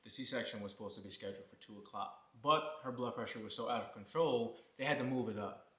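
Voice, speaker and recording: A man's voice: mid-range voice, quick pace, pushed and bright. Joking laid-back man, echoey room. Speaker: vlogger, husband co-host. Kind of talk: casual chat.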